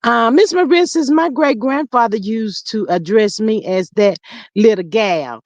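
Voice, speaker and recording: A woman hosting a casual gossip livestream, reading chat comments aloud and drawling slang, swinging between loud calls and low murmurs. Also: a little slow, no echo, lo-fi sound. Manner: drawling Southern slang, says child a lot, reads comments aloud.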